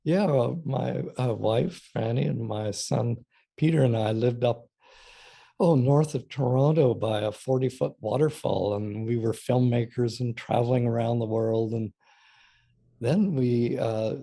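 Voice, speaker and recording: An older man with a deeply gravelly, husky voice recalls his past as an interview guest. His tone is dark and mellow, and he keeps breaking into laughter while he tells his stories. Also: a little slow. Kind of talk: storytelling conversation.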